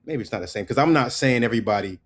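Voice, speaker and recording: A man from the United States giving a casual spoken lesson on slang, relaxed and loose, repeating words slowly and often asking "right?". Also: medium pitch. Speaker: language teacher.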